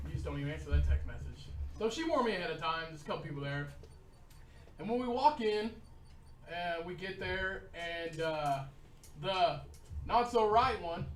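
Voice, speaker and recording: Male stand-up from Indiana, high lively voice, crude rambling delivery, distant roomy club recording. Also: normal speed, a little hiss or hum. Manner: crude, rambling storytelling with many fillers. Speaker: stand-up comedian. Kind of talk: stand-up comedy set. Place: small comedy club.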